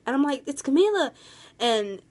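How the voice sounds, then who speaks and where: A woman's voice: high-pitched, very animated, normal speed, a little mellow. Gushing young woman telling a story. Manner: gushing, rambling, full of "like". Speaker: vlogger. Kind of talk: casual storytime vlog.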